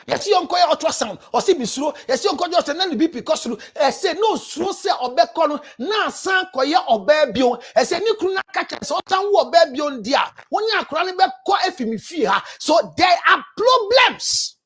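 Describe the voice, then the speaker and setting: A woman with a Ghanaian accent, a counselor preaching relationship advice, forceful and scolding, often raising her voice. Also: extremely high pitch, lively intonation, a little fast, few pauses.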